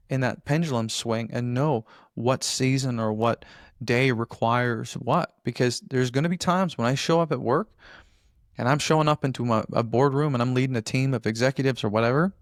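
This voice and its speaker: Gravelly man speaking earnestly. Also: medium pitch, no room sound, clean studio sound. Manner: earnest, restarts phrases while explaining. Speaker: podcast guest. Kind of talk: casual interview talk.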